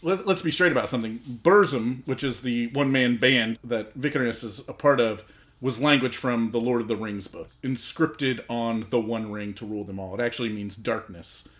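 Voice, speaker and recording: A man's voice: mid-range voice, moderate pace, a bit bright. A man co-hosting a podcast, correcting his friends and explaining the show in plain terms. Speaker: podcast co-host. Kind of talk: casual chat.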